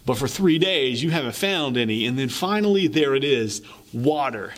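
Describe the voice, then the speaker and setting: A man's voice: mid-range voice, expressive, moderate pace. A man preaching a sermon, retelling scripture stories in a vivid, conversational way.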